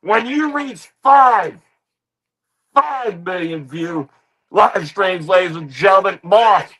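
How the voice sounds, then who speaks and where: On his reaction stream, a man with a high, animated voice mocks people in a slow rant, coming back again and again to the catchphrase "ladies and gentlemen." The low-quality recording carries slight background noise.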